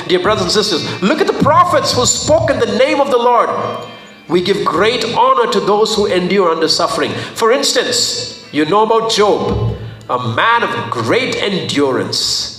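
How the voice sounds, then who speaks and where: A man preaching a sermon, playful and animated, acting out little voices. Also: moderate pace, soft background music. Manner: animated, playful, acts out voices with sudden high and low swings. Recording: echoey hall.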